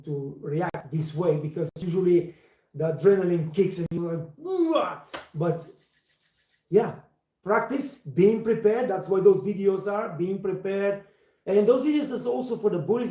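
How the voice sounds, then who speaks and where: A man's voice: high-pitched, mellow. Emphatic man, echoey room. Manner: emphatic, repeats words for stress, non-native phrasing. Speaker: livestream host and waiter trainer. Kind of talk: casual livestream talk.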